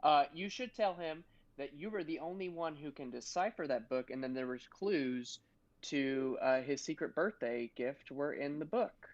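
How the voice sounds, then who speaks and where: A man's voice: fairly high pitch, moderate pace, no room sound. Rambling man on a dull lo-fi mic. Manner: rambling, hesitant, with many fillers. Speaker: player. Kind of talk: casual tabletop role-play.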